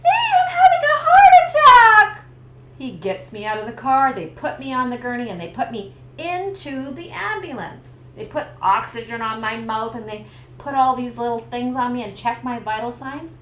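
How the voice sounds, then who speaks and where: A middle-aged woman, a stress coach from Canada who owns a business, speaks at a moderate pace in a slightly high voice. Telling a personal story to the camera, she performs the scenes with lively energy. There's a roomy echo and a faint hiss behind her.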